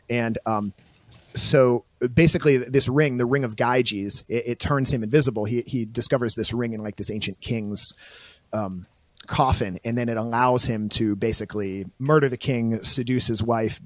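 An eager man, a podcast guest, explains things in casual discussion and leans heavily on fillers and restarts. His voice sits at a middle pitch. The sound is dry and close. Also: no room sound.

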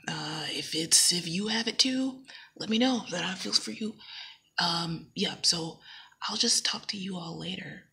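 A woman vlogger talking casually to camera, rambling and animated, now and then dropping into a whisper. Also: mid-range voice, vocal fry, slightly rough. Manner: rambling and animated, acting out quoted dialogue; drops into whispers at times.

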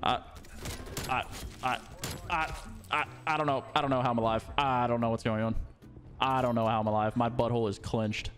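A young man commenting on his own first-person shooter game play, excitable, mumbling when tense and yelling when things go wrong. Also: mid-range voice, a little fast, long pauses. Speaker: gaming YouTuber. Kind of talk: live gameplay commentary. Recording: game gunfire and music underneath. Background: game gunfire and music.

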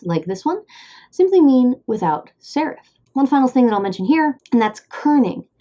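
A woman's voice: fairly high pitch, warm tone, dull audio. A woman with a Midwestern accent hosting an educational explainer, upbeat and playful with asides. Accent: American Midwestern. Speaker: host.

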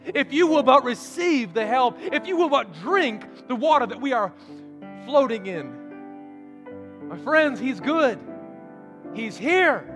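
High-voiced pastor preaching in a reverberant church. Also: male voice, animated, slow, pauses often, fairly bright tone, faint music behind. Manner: preacherly, rising to emphatic declarations. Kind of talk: sermon.

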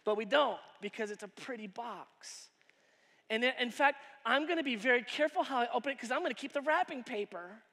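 High, bright preacher man in a big hall. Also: fairly quick. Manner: animated, swings from shouting to hushed asides. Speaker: pastor. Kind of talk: sermon. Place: church auditorium. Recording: long reverb of a church hall.

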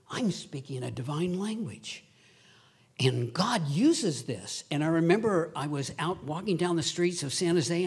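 Middle-aged male preacher, husky tone, lively sermon delivery with acted-out quotes. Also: a little high. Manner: animated, acts out quoted voices, laughs at his own stories. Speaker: pastor.

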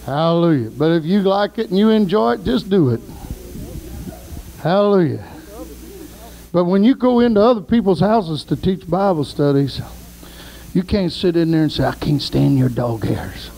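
A preacher delivers a sermon in a high-pitched voice. He tells folksy stories and breaks into shouts of praise. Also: lively intonation, normal speed, creaky, pauses often, rough recording.

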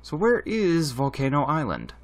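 A man's voice: a little high, huge pitch swings, normal speed. A man giving casual let's play commentary, thinking aloud and chatting to his viewers. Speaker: gaming channel host.

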